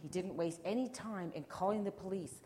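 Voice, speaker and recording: A woman reading a picture book aloud to children, animated, asking them questions and dropping to whispers. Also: on the low side, a little fast, a little hiss or hum. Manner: animated, asks the listeners questions, drops to whispers. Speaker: storyteller.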